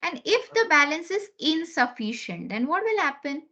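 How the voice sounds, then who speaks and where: A woman's voice: sits high, very animated, moderate pace, bright, forceful tone. A woman teaching an online class, explaining step by step and often checking in with "okay?". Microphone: computer mic on a video call. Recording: lo-fi online meeting recording.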